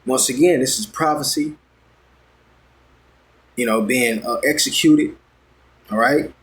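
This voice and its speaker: Man, preacher, sermon, mid-pitched voice, casual talk, repeats words, keeps checking in. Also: slow, fairly bright tone. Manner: conversational, checks in with "all right?" constantly. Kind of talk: street-style sermon with scripture and news reading.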